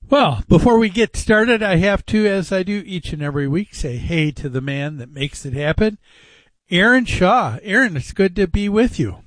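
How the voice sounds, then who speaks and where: Man hosting a talk radio show, fairly high voice, chatty, dry studio mic. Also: moderate pace, a bit bright, dry recording. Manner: chatty, with frequent uh fillers. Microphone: studio microphone.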